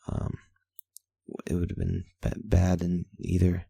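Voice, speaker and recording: A man's voice: deep voice, completely flat delivery, a little slow, vocal fry, mellow, breathy edge, no room sound. A man hosting a vlog, candidly reading his daily journal aloud, rambling and self-deprecating with blunt swearing. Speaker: vlog host.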